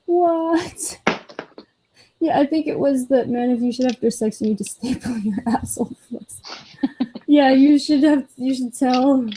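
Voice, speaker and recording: A woman's voice: high-pitched, warm tone, slight background noise, low-quality recording. A woman co-hosting a casual chat, exasperated and swearing while she scrolls for a comment. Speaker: co-host.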